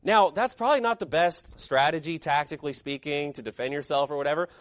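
A man's voice: on the high side, fast, dry recording. A man preaching a sermon as pastor, emphatic and fiery, firing off rhetorical questions.

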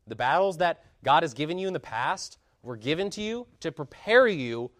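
A man preaching a sermon with passion, building to loud emphatic peaks and dropping into low, quiet asides. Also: very animated, normal speed, dry recording, clean studio sound.

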